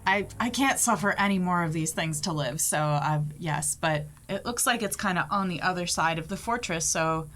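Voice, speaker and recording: A woman's voice: fairly low pitch, normal speed, hardly any pauses, fairly bright tone. A woman playing a tabletop game, talking casually and chatting with the group. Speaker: player. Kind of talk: tabletop play.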